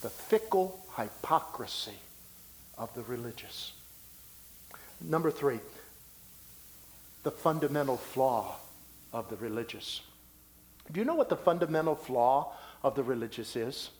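A man preaching a sermon as pastor of his church. He delivers loud declarations and drops into hushed asides. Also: medium pitch, lively intonation, measured pace, pauses often.

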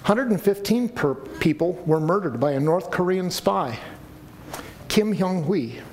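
Man, pastor, sermon, high voice, earnest pleading delivery, faint room ambience. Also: lively intonation, measured pace, a little mellow, a little hiss or hum.

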